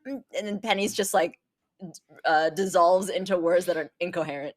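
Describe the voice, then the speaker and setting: A woman playing a tabletop horror game, speaking in character with earnest deadpan delivery. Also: lowish voice, normal speed, dry recording, clean studio sound. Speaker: player. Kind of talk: tabletop role-play, in character.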